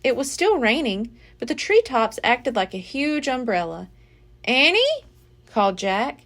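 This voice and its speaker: Woman, library storyteller, children's book read-aloud, expressive, lively pitch. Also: normal speed. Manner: expressive, dramatic reading.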